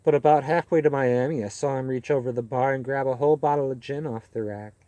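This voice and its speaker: Brief: a man playing a jaded male reporter, gruff and matter-of-fact, mellow timbre, dry recording. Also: mid-range voice, steady tone, quick pace, no room sound, natural voice. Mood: gossiping. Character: weary, cynical male campaign reporter.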